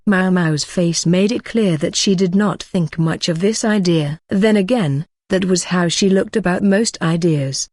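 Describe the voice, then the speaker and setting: A woman narrates a light novel audiobook in a steady, even storytelling voice. Her pitch sits slightly low. The recording is close and dry. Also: a little slow, few pauses, no echo. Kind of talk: scripted narration.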